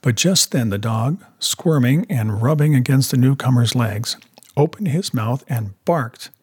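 A man reading a classic story aloud, measured and steady. His voice is husky, sitting at an ordinary mid pitch. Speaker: narrator. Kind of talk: storybook narration.

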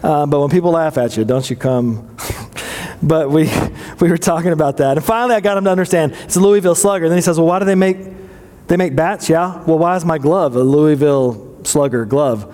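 A man in his forties gives a casual sermon made of family stories, folksy and full of jokes. He keeps checking in with the audience with quick questions. His voice sits a little high and carries a long reverb from a large hall. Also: a little mellow. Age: 40s. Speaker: pastor.

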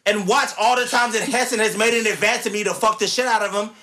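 A man co-hosting a podcast, loud, profane and teasing, laughing often. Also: high-pitched, steady tone, fast. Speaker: podcast co-host. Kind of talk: crude casual podcast banter.

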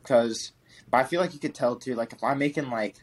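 A young man co-hosting a podcast in casual chat, animated and slangy. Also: mid-range voice, fairly quick, husky. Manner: animated, slangy, does silly voices in stories. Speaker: podcast co-host.

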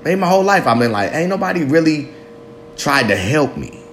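A man's voice: on the high side, very animated, fairly quick, a bit bright, a little hiss or hum. A man in his late thirties talking candidly to the camera in a rambling, self-mocking, heavily profane confessional monologue. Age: 30s.

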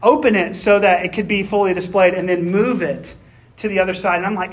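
A man preaching a conversational sermon, often checking in with the congregation through quick tag questions and personal stories. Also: sits high, fairly bright tone. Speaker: pastor.

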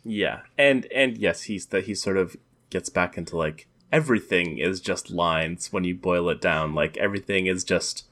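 A man co-hosting a podcast, talking casually in halting phrases with many fillers. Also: sits low, fairly bright tone. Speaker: podcast co-host. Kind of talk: casual chat about comics.

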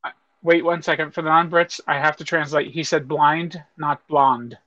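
A man co-hosts a casual chat and cuts in with teasing jokes. He talks fast at a slightly raised pitch, and his voice sounds dry and close. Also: level tone, bright, forceful tone, no room sound, muffled recording. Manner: teasing quips.

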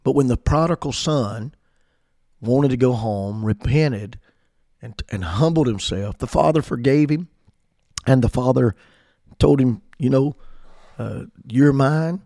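A man's voice: mid-range voice, measured pace, vocal fry, pauses often, dark tone, no room sound, studio quality. A man preaching a sermon, earnestly quoting scripture in old-fashioned wording.

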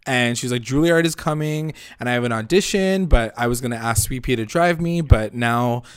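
A man co-hosting a casual recap chat, talking fast and loose and slipping into the characters' lines as he retells scenes. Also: mid-range voice, clean tone, no room sound, clean studio sound. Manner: animated, acts out characters' lines mid-story. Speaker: podcast co-host.

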